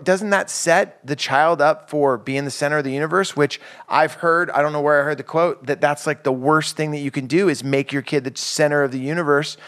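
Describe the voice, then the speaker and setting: A man's voice: a little high, a bit bright. A man hosting a parenting podcast in casual chat, rambling and interrupting himself. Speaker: podcast host.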